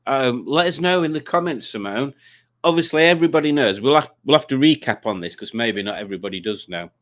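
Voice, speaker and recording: A man's voice: medium pitch, animated, fast, a bit bright. Male livestream host, casual rambling chat, stumbles and restarts. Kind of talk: casual chat reading comments.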